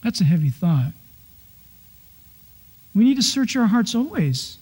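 A male pastor preaching a sermon, telling stories with animated delivery and acting out people's complaints in exaggerated voices. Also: sits high, measured pace, husky.

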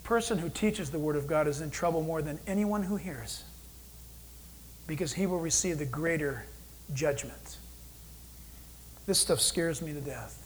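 A man preaching a sermon as pastor, animated, acting out God's voice in quoted asides. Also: a little high, a little slow, pauses often, a little hiss or hum, poor audio.

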